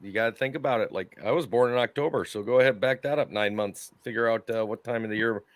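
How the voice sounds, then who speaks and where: A man's voice: medium pitch, quick pace, no room sound. A man co-hosting a casual podcast, telling stories with swearing and frequent laughter. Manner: profane, storytelling, laughs often. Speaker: podcast co-host; former army sergeant. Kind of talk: casual banter.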